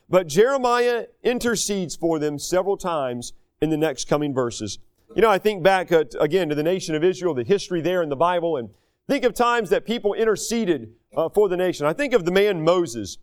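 A man's voice: high-pitched, lively intonation, normal speed. A man preaching a sermon from the United States, earnest and conversational, acting out quoted voices as he teaches. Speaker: pastor.

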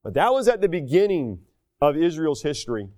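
High-voiced earnest male preacher. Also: big pitch swings, a little fast, darkish tone. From United States. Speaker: pastor. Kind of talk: sermon.

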